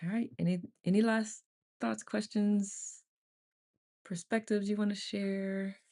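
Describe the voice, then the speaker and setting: A woman with a gravelly edge to her voice leads a relaxed online group session. She talks in a chatty, rambling way, restarting her sentences and laughing often. Her pitch sits in an ordinary middle range. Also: takes it slowly. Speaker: meditation group leader. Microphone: on camera, computer mic.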